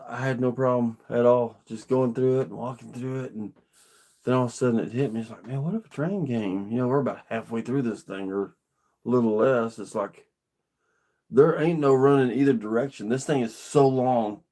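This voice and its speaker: A man's voice: mid-range voice, fairly even intonation, moderate pace, dark tone. A middle-aged man, telling a personal story to camera in an earnest, rambling, plainspoken way. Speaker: vlogger.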